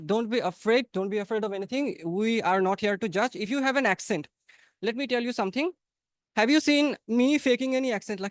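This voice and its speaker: A man's voice: high voice, moderate pace, no echo, clean studio sound. A young man from Bangladesh with a Bangladeshi accent, hosting an online English practice class in a chatty, encouraging way over a video call. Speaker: English conversation practice host. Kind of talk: casual online class talk. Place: home, online webinar.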